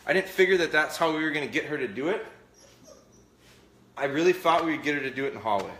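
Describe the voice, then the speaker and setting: A man's voice: on the high side, expressive, fast talker, sharp tone. A man talking to viewers during a live dog training session, a bit out of breath, in a folksy, rambling way that repeats itself. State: out of breath, sweating.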